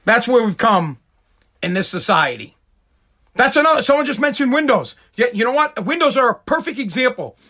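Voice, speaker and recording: A man from the United States delivers a profane live-stream rant in a strikingly high voice. His tone is sharp and bright. He is sarcastic and mocking the whole way through. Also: sing-song, normal speed, breathy edge.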